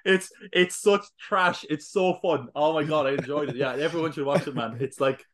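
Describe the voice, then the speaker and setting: A young man with a Cork Irish accent, co-hosting a casual film podcast, excitable and rambling, often breaking into laughter. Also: a little high, normal speed, slight background noise. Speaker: podcast co-host.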